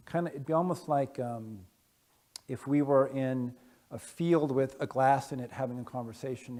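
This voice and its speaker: A man giving a casual conference talk to an audience, halting, with many fillers and restarts. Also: mid-range voice, dark tone. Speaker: conference speaker. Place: conference room. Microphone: wearing headphones with a masking device.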